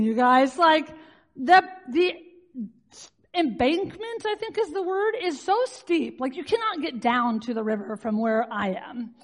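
A woman with a high, bright-toned voice tells a personal story to a live audience. She speaks in an animated, chatty way, scattering "like" through her sentences and laughing at herself as she goes.

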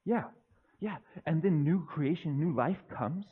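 A man preaching, acting out young Joseph as an excited young man who stammers and gushes into a phone call to his dad. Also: fairly high pitch, a little slow, breathy edge. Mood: eager. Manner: breathless, stammering, gushing. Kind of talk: dramatized monologue in a sermon.

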